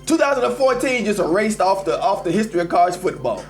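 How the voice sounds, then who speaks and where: A man's voice: sits high, fast talker. A man hosting a live call-in show, ranting emphatically about sports and talking straight to his listeners. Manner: animated, emphatic, addresses listeners as y'all. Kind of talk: casual sports rant.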